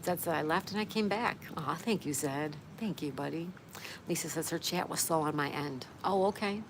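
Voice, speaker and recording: A woman with a fairly low voice hosts a relaxed livestream outdoors, reading viewer comments aloud and welcoming each one by name. Her friendly chatter sits over a steady hiss of outdoor background noise. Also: moderate pace. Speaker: livestream host.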